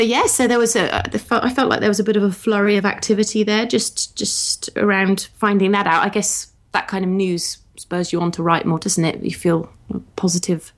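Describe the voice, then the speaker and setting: A woman in her thirties co-hosting a podcast in casual chat, chatty and often laughing. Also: medium pitch. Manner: chatty, giggly, animated. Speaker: podcast co-host.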